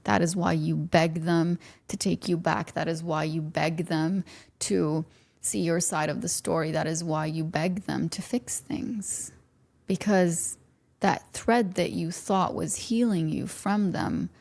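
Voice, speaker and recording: A woman hosting a podcast, talking earnestly and softly straight to the listener, sometimes dropping to a near whisper. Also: lowish voice, vocal fry. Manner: earnest, speaks directly to the listener. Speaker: podcast host. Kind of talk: reflective podcast monologue.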